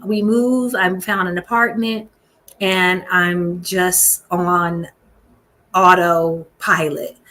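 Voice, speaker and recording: A woman's voice: lowish voice, fairly bright tone. A woman, hosting her own show and candidly telling a personal story at home, speaking straight to her listeners. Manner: chatty and candid, addresses listeners directly. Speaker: show host. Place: home room with balcony door open.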